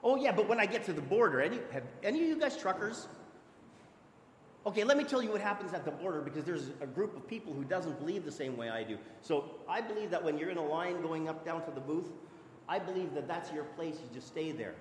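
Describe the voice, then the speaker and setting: A man's voice: a little high, lively intonation, fast talker, a little hiss or hum. A man preaching a sermon in a church, earnest and conversational, often restarting his sentences. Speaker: pastor. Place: church hall. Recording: echoey hall with long reverb.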